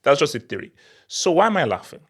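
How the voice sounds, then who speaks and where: A young man hosting a football channel, talking in an excitable, laughing rant. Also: fairly high pitch, fast, husky. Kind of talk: animated football commentary vlog.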